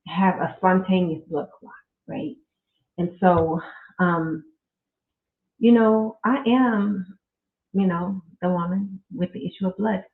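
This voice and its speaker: Middle-aged woman, podcast host, slow heartfelt faith talk, tinny echoey home recording. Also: fairly low pitch, vocal fry. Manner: slow, heartfelt, with religious exclamations. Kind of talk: casual faith-based personal talk. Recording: echoey room, phone-like audio.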